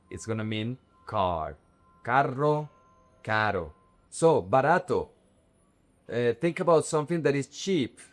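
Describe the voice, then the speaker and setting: A young man teaches vocabulary at an unhurried pace. He says each word slowly and carefully, then repeats it in drills. His voice sits at an ordinary middle pitch. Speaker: Spanish teacher. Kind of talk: vocabulary lesson to camera.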